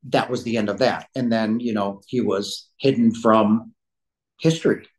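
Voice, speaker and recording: A man's voice: lowish voice, steady tone, moderate pace, poor audio. A man speaks as a podcast guest, telling a personal story in an emphatic, outspoken way. He rambles, restarts his sentences and drops blunt words for emphasis. His delivery is loose and conversational. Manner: rambling with many restarts and fillers.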